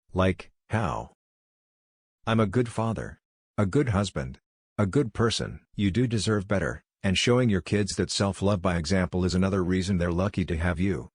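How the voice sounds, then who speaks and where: A man narrating forum posts in a steady, even scripted read. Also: sits low, dry recording, studio quality.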